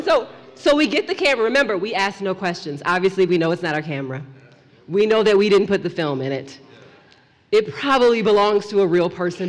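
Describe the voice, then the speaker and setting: A woman telling a story to an audience in an animated, playful way, dropping to a hush for suspense. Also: medium pitch, long reverb tail. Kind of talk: lively storytelling talk.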